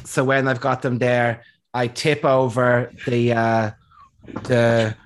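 A man's voice: mid-range voice, flat delivery, slow, a little hiss or hum. A man playing a tabletop game, describing his character's actions casually, with hesitations. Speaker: player.

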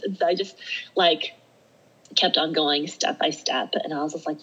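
A middle-aged woman, guesting on a podcast, tells a story in casual conversation, acting out her own self-talk and laughing often. Her voice is deep, a bit bright and husky, unhurried with long pauses, and the sound is lo-fi.

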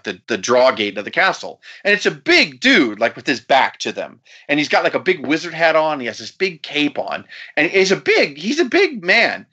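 A man's voice: on the high side, sharp tone, muffled recording. A man hosting a podcast, telling a story in casual chat, incredulous, laughing and swearing often. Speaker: podcast host.

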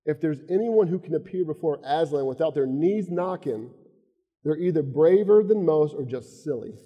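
A man's voice: on the high side, expressive, moderate pace, in a large hall, lo-fi sound. A man with a Southern US accent voicing a motherly, plain-spoken female beaver in a read-aloud story. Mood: knowing.

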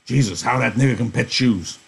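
Give me a man putting on a harsh, pushy ranch hand who speaks up loud and presses his point. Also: medium pitch, brisk, gravelly, slightly rough. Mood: irritated. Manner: loud, insistent, hard-pressing delivery. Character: blunt, heavy-set male ranch hand, pushy and harsh. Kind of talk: reading a novel aloud in class.

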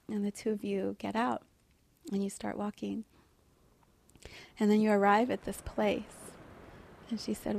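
A woman hosting a podcast, softly and emotionally telling a personal story about a guided meditation. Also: mid-range voice, gravelly, a little hiss or hum. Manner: soft, emotional, often laughing through tears. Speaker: podcast host.

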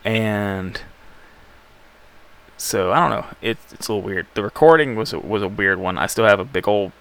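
A man's voice: fairly low pitch, moderate pace, vocal fry, a bit bright, clear, resonant tone. A man from Alabama, hosting a music show in a rambling, laid-back, self-deprecating way. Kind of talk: casual radio show chat.

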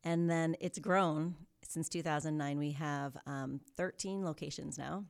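A woman guest talks in a casual podcast interview. She tells stories in an animated, upbeat way. Her voice is low for a woman. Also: a little slow, creaky, clear, resonant tone. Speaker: yoga studio co-founder, guest.

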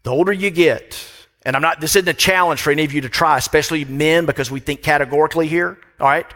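A middle-aged pastor preaches a sermon from the pulpit of a church sanctuary, his fairly high voice fast, pushed and bright. He speaks emphatically, repeating phrases for weight, and the hall gives a long reverb.

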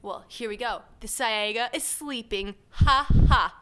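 A woman with a bright, smooth, slightly high voice co-hosting an improvised comedy podcast. She giggles often and teases her partner. She pushes back when asked to play along. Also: moderate pace. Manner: giggly, reluctant, teasing. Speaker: podcast co-host.

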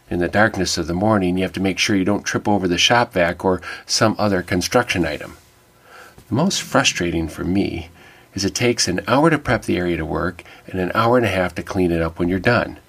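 A man's voice: low voice, fairly bright tone, breathy edge. A middle-aged man giving an earnest, wry personal reflection that turns to faith. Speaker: devotional speaker.

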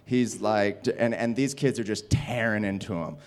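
A stand-up comedian, a man, telling a rowdy story in casual, animated speech with laughter and swearing. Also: lowish voice, normal speed.

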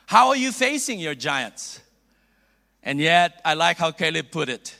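Filipino man in middle age preaching, high and lively, playful with quick asides. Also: vocal fry. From Philippines. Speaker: bishop preaching. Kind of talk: sermon.

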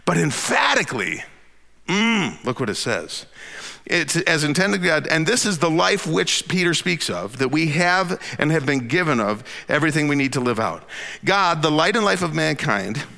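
A man preaching a sermon, swinging between loud emphatic lines and hushed near-whispers. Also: a little high, very animated, moderate pace, vocal fry, in a large hall. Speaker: pastor.

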